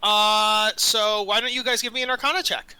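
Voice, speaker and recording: A man running a tabletop game as dungeon master, narrating in a rambling way, full of fillers and quick self-corrections. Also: sits high, level tone, bright, forceful tone, clear, resonant tone, no echo, low-quality recording.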